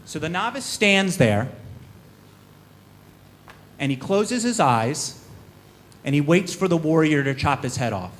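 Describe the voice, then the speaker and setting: A man with a slightly raised voice tells a parable to a conference audience. He narrates in a lively, storytelling way. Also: a little high, normal speed. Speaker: conference panelist. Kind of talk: telling a parable in a talk.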